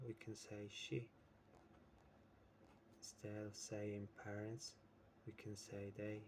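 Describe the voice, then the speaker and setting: Slow patient male English teacher. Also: fairly low pitch, a little hiss or hum. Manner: explains with examples, asks "right?" often.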